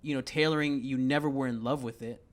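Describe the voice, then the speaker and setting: A man guesting on his wife's podcast in a sewing studio, relaxed and conversational, recapping their business history. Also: medium pitch, fast talker. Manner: relaxed, recaps and backs up the host's story. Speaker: guest, host's husband. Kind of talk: casual podcast chat.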